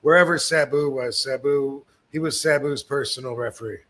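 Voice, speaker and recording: Middle-aged male host, bright tense tone, relaxed storyteller who curses casually. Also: mid-range voice, moderate pace. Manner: laid-back storyteller, swears freely. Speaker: podcast host, former wrestler.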